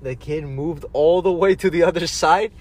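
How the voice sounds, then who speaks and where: This young man's voice sits a little high and slightly mellow, moving at a moderate pace. Hosting an informal podcast, he rambles through stories, quoting people and dropping swear words liberally.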